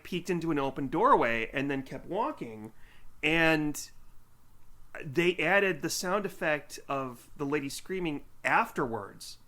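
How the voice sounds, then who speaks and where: A man's voice: fairly high pitch, animated, unhurried, sharp tone. A man co-hosting a film podcast, chatting casually and mocking scenes as he retells them. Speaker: podcast co-host. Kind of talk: casual chat.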